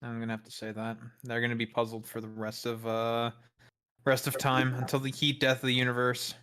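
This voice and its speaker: Sarcastic jokey guy, bright sharp voice, swears a lot. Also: medium pitch, completely flat delivery, fairly quick, clear, resonant tone. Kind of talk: casual joking chat.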